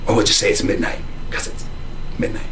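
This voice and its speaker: A man's voice: a little fast, fairly bright tone, a little hiss or hum, rough recording. A man at home giving a heated, rambling monologue on religion, full of restarts and repeated phrases. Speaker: religious video commentator. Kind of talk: casual monologue to camera. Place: at home, indoors.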